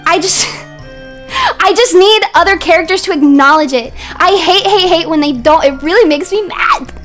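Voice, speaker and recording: Young female streamer, very high-pitched, heated casual rant, faint music bed. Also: normal speed. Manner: heated, ranting, rising to shouts. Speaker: vtuber streamer.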